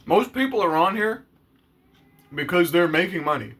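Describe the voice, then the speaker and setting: Bright-voiced man ranting bluntly. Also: high voice, animated, normal speed, breathy edge. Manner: blunt, profane, conversational. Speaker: YouTuber. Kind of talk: casual rant to camera.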